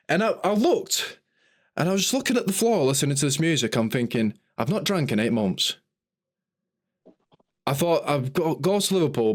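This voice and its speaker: A young man telling an animated, sweary story in a casual podcast chat. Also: medium pitch. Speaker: podcast host.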